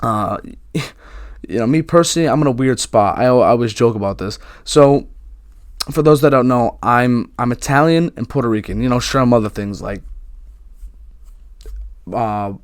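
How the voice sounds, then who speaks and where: A young man talks straight into a close, dry microphone, hosting his own casual podcast. He rambles candidly, full of "you know" and restarts, at an everyday middle pitch. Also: lively intonation, moderate pace, pauses often, clean tone, dry recording. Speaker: podcast host. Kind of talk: casual solo podcast talk.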